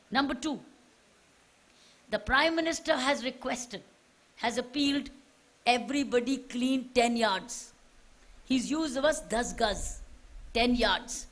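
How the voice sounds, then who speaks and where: High-voiced woman exhorting a crowd. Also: fairly bright tone. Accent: Indian English. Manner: exhorting, fires repeated rhetorical questions at listeners. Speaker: official addressing students. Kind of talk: public speech to a crowd.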